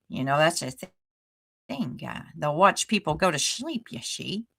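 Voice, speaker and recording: A woman streamer talks in a slow, unhurried drawl with a bright, forward tone that sits a little on the low side. She chats casually, breaking off to greet viewers by name, and laughs often between thoughts. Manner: chatty, greets chat viewers by name mid-sentence; laughs often while talking. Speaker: livestream host. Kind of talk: casual live-stream commentary.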